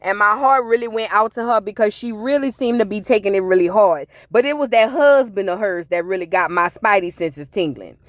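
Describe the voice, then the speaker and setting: A woman's voice: mid-range voice, a little fast, hardly any pauses, no room sound, clean studio sound. A woman giving a sassy, opinionated recap of a reality TV episode, talking straight to her viewers. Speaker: reality TV reviewer. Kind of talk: casual recap commentary.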